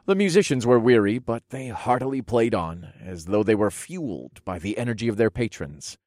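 A man narrating a first-person fantasy audiobook with expressive storytelling, softening for intimate moments. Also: lowish voice, moderate pace, no echo, clean studio sound.

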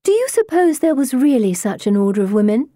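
This is a dreamy, eager young woman with a lifted, higher voice and a wistful, breathless tone. She sounds soft and easily wounded, as a woman narrator puts her on. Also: sing-song, a little fast, no room sound, clean studio sound.

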